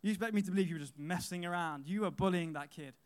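A strict female schoolteacher snaps at two boys in sharp, raised, accusing tones. Her voice sits high, as a man quoting her in a talk pushes it up. It sounds like a scolding outside the head teacher's office. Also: quick pace, clean tone, close to an everyday voice. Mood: angry.

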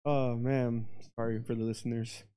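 A man's voice: mid-range voice, level tone, normal speed, dark tone, smooth. A man co-hosting a podcast, bantering casually and joking with lots of swearing. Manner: profane, joking. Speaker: podcast co-host.

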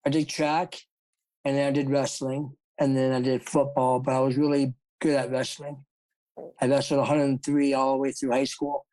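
A former jockey from South Dakota tells his story as an interview guest, wandering off track and laughing often. His mid-range voice is level and dark, delivered at normal speed, and he acts out the voices he quotes. The low-quality recording has no echo.

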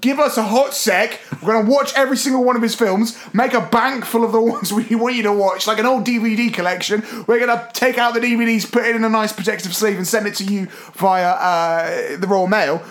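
A man's voice: high-pitched, fairly quick, few pauses, a bit bright. A man playing a flustered young man with a Cockney accent who stammers and rambles in a panic.

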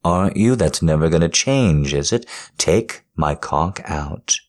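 A man in a whispered role-play, speaking in a slow, intimate, coaxing murmur that moves between whispers and a low voice. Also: expressive. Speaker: audio role-play performer.

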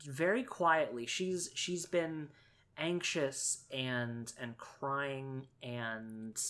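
Male co-host, casual recap chat, emphatic, restarts a lot, mid-pitched. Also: very slow. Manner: animated, restarts often, emphatic. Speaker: podcast co-host.

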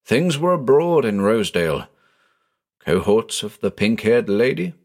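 A man giving a measured, dramatic reading of a first-person detective story. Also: lowish voice, sing-song, darkish tone. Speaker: narrator. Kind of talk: storybook narration.

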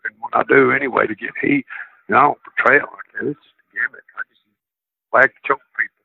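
A gravelly, husky-voiced man with a drawl tells his stories in a loose, rambling way, often doubling back mid-thought. He comes through a thin, tinny phone line. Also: medium pitch, steady tone, fast talker, no echo. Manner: rambling, circling back on himself. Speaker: guest, former wrestler. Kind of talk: casual interview storytelling.

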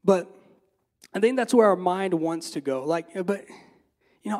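Expressive and a little slow, a preacher speaks in a high, darkish-toned male voice. His casual, conversational sermon is packed with fillers and repeated words, and he often asks his listeners rhetorical questions.

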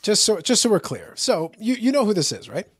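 A male podcast host chats in a casual, teasing way. His voice is lively and swoops around, sitting a little high. The sound is dry and close to the mic. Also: fairly quick, husky, no room sound. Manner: animated, playful, teasing. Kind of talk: casual chat.

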